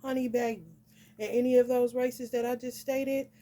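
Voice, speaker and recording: A woman's voice: fairly high pitch, fairly even intonation, moderate pace, warm tone. A woman giving a casual astrology vlog reading, blunt and profane, peppering her talk with "honey". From northern United States. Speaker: astrology reader. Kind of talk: casual spiritual vlog rant.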